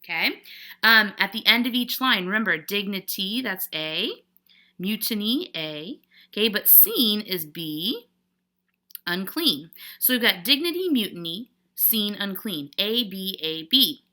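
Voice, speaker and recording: A woman's voice: medium pitch, big pitch swings, a little slow, sharp tone. A woman teacher walking a class through a poetry worksheet, patiently checking understanding with frequent "okay?"s. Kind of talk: classroom lesson walkthrough.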